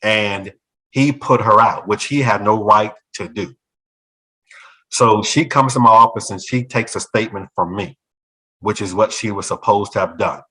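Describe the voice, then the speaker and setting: A former school principal with a lowish male voice tells a personal story in a talk show conversation at a moderate pace. He's animated, acting out other people's lines in their voices as he quotes them, and the recording is low quality.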